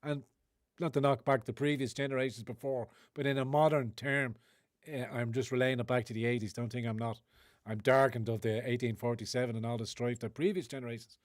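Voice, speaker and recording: A man's voice: mid-range voice, fairly even intonation, fairly quick, no echo, clean studio sound. Sarcastic, profane Irish man ranting. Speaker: livestream host. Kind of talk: ranting livestream commentary.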